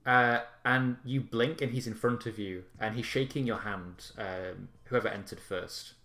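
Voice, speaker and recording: A man narrating as game master in a relaxed way with many fillers. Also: lowish voice, a little slow. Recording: echoey room.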